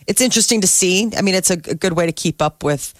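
A woman's voice: lowish voice, fast, dry recording. A woman who reads the news on a morning radio show and then chats freely with her co-hosts. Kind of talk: casual morning radio chat.

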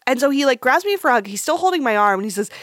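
A woman's voice: sits high, very fast, no room sound. A woman in her thirties co-hosting a podcast, telling a story in casual chat with many fillers and acted-out quotes. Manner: animated, many fillers, acts out quoted voices. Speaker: podcast co-host.

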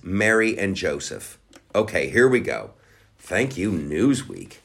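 Male podcast host, lowish voice, crude sarcastic rambling delivery. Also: very animated, takes it slowly. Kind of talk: crude comedic rant.

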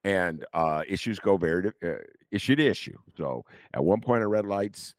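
An older man hosting a casual political talk show, joking and swooping into high teasing asides. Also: expressive, moderate pace, dry recording, studio quality. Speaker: podcast host.

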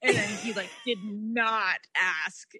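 A young adult woman co-hosting a podcast, telling stories in animated casual chat with frequent laughter. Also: medium pitch, slow, breathy edge, no echo. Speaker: podcast co-host.

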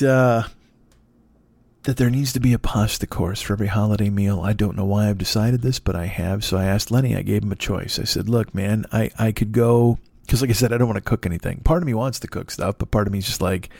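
A man hosting a solo podcast from his dark apartment, telling rambling, profane stories in a casual monologue. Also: fairly low pitch, fairly quick, vocal fry, husky, no echo, studio quality. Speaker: podcast host.

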